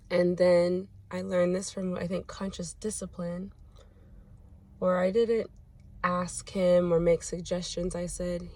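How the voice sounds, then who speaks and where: A young woman telling a parenting story in a casual vlog, reflective and gentle, pausing often. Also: lowish voice, level tone. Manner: reflective, gentle, with many pauses and fillers. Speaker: mother sharing a parenting story.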